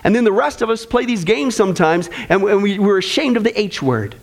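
Man, preacher, sermon, very high voice, emphatic, rhetorical questions. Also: expressive, fairly quick. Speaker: preacher teaching a Bible study.

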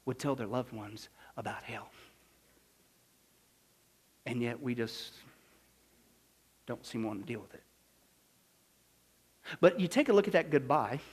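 A male pastor preaching a sermon, swinging from hushed, low lines to loud, emphatic ones. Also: breathy edge.

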